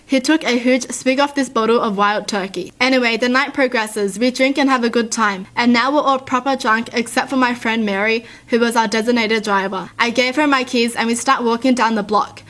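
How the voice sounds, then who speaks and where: A woman's voice: on the high side, fairly quick, few pauses, a bit bright. A woman reading stories aloud and adding chatty, earnest asides to her listeners. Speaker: story reader and commentator.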